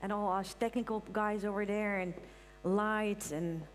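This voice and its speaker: A woman hosting a live stage event, thanking the crew and calling people up in a lively, informal way. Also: mid-range voice, a little slow. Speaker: event host. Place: large event hall with audience. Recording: hall reverb, audience, faint hum.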